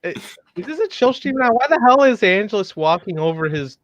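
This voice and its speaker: A man's voice: high voice, big pitch swings, normal speed, dull audio, over a noisy crowd. A man co-hosting a gaming talk stream in casual chat, teasing his friends with profane banter. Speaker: co-host.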